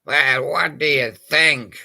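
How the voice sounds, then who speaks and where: Brief: gravelly, bright-edged male storyteller, slow and meandering. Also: medium pitch. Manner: rambling and hesitant, full of pauses. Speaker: toy-story narrator. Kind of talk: casual improvised storytelling with toys.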